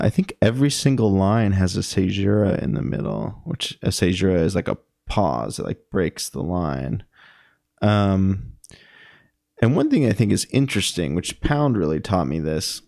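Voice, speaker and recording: Young man, unhurried, dry close sound, thinking aloud about verse with lots of ums. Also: low-pitched, vocal fry, darkish tone, dry recording. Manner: musing, halting, many ums and self-corrections. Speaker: poetry commentator. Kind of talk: casual spoken analysis.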